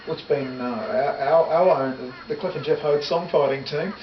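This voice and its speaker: A middle-aged man reminisces as an interview guest, rambling and restarting his sentences in a slightly raised voice. He sounds far from the mic in an echoey room, and the recording is dull. A loud wash of noise sits behind him. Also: fairly high pitch, moderate pace. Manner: rambling, self-correcting, laughs easily.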